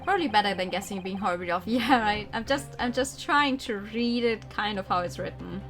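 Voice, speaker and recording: Woman, game streamer, casual self-deprecating asides, mid pitch, background music. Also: a little fast, hardly any pauses. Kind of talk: let's play, reading all parts.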